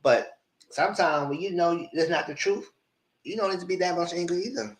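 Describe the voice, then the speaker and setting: A man giving a live recap of a reality show, retelling scenes in an animated way and acting out what the cast said. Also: sits high, fairly quick. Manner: animated retelling, acts out cast members' lines. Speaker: show reviewer.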